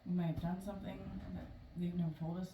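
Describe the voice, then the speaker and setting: Low-voiced woman telling a story, a bit off-mic. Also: level tone. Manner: halting, with many fillers and restarts. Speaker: family vlogger. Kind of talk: casual storytelling. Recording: noisy room, mic at a distance.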